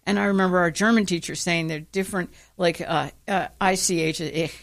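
A woman co-hosts a radio talk show in easy, chatty banter. Her fairly low voice carries anecdotes and news items in a relaxed, conversational way. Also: brisk, gravelly. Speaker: radio co-host.

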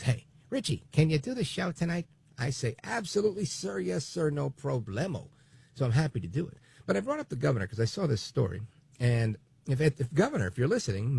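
Gravelly, husky talk radio host. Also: male voice, medium pitch, no room sound. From New Jersey, USA. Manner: chatty and digressive, lively emphasis. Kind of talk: political talk radio monologue.

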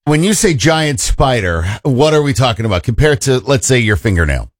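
A man's voice: medium pitch, big pitch swings, normal speed, dry recording, clean studio sound. A man co-hosting a radio show, who teases his co-host in a wry way. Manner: wry, teasing. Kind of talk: casual radio chat.

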